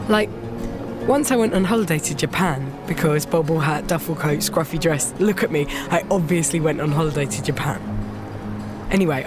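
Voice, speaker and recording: A woman's voice: low-pitched, close to an everyday voice. An actress playing an awkward, chatty young Englishwoman with an Estuary accent, who rambles and puts herself down, both in scenes and in voice-over narration. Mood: wry. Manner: chatty, rambling, self-deprecating. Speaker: lead character and narrator. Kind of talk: TV comedy acting with voice-over narration.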